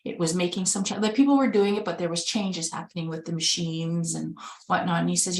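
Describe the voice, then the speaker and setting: A woman's voice: lowish voice, fairly even intonation, brisk, vocal fry. A woman from Winnipeg, Canada, a caregiver and organ donation advocate, telling her own story over a video call in an earnest, conversational way and acting out remembered dialogue. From Winnipeg, Manitoba, Canada. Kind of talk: personal storytelling in a webinar. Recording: echoey room.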